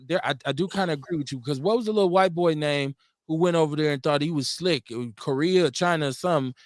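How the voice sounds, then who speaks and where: A man with a Milwaukee accent hosting a casual radio talk show, animated and profane, often acting out quotes in mock voices. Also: on the high side, fast, no room sound, studio quality. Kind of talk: casual call-in radio chat.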